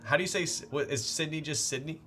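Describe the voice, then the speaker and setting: Man, live streamer, casual rambling chat, bright tone, faint background music. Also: on the high side, fast. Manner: rambling and playful, many fillers. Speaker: streamer building a keyboard.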